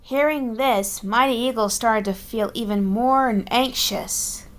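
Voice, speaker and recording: A woman narrating a fan-written audio story in a slow, deliberate storytelling manner. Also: on the high side.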